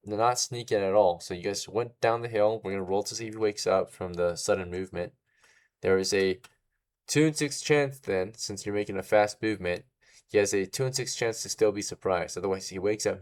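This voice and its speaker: A man's voice: on the low side, darkish tone. A man narrating as game master in a casual way, often checking in with "right?". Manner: casual, tags lines with "right?".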